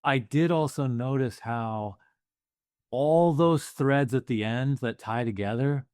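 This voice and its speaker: A man's voice: medium pitch, slow pace, darkish tone, smooth, no echo, studio quality. A man co-hosting a casual movie podcast, laying out his points about a film step by step. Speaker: podcast co-host.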